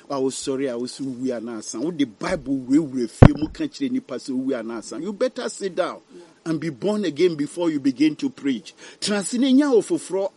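Fiery preacher, dry close sound. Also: male voice, medium pitch, breathy edge, no echo. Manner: swings from hushed to shouting, preaching in bursts. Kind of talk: fiery sermon.

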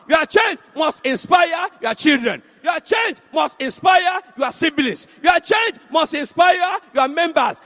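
A man preaching a sermon, shouting and exhorting the congregation with repeated phrases. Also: very high voice. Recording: echoey hall.

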